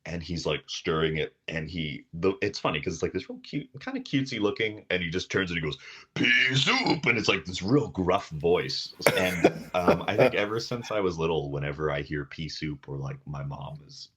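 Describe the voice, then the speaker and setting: Very deep husky man chatting. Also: expressive, normal speed, few pauses, fairly bright tone. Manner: rambling, with many fillers and laughs. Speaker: podcast guest. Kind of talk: casual chat. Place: home, talking from the kitchen. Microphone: table mic on a video call.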